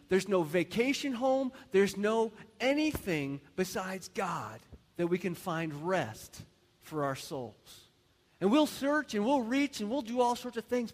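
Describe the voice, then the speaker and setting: A man's voice: sits high, in a large hall. A man preaching a sermon in church, joking and quizzing his congregation with questions. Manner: humorous, asks the congregation rhetorical questions. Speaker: pastor. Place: church sanctuary.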